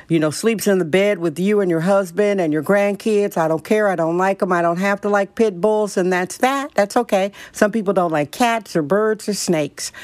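A woman's voice: mid-range voice, a little mellow, no echo. A middle-aged woman hosting a podcast, telling stories to her listeners in a blunt, opinionated, chatty way. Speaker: podcast host. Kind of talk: casual monologue to listeners.

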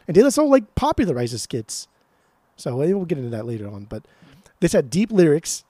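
A man co-hosting a podcast in casual chat, excitable and profane, often repeating words as he gushes. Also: fairly high pitch, brisk, no echo. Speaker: podcast co-host.

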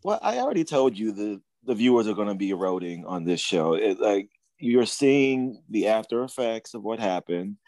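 A man's voice: fairly low pitch, very animated, normal speed, a little mellow, dry recording, rough recording. A man co-hosting a casual podcast chat, rowdy and joking, laughing a lot. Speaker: co-host.

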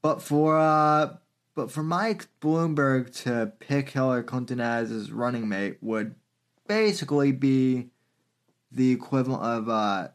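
Man, podcast host, political commentary, slow pace, halting, lots of fillers. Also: mid-range voice, clean tone.

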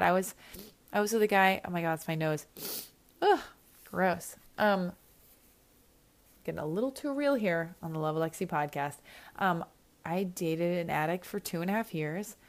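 A woman hosts an advice podcast in a slightly low voice. She talks casually and earnestly, rambling and restarting her sentences. She repeats her key points for emphasis. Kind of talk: casual, heartfelt advice chat.

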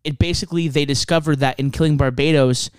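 A man in casual conversation, recapping a comic story in a relaxed, halting way with lots of filler words. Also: on the high side, smooth, dry recording. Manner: easygoing, hesitant recaps with many ums and likes. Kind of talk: casual comic-book discussion.

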